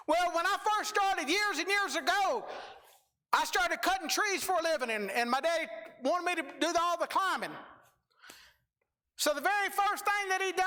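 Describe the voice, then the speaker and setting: A man's voice: extremely high pitch, sharp tone. A middle-aged man preaching a sermon, telling folksy stories and stretching out phrases for emphasis.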